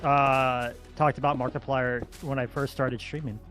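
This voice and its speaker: A man's voice: mid-range voice, flat delivery, normal speed, fairly bright tone, soft background music. A man streaming a block-building game and chatting casually with friends, teasing them and greeting his viewers. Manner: teasing, greets chat viewers between remarks. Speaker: Minecraft streamer and host. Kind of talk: casual gaming chat while streaming.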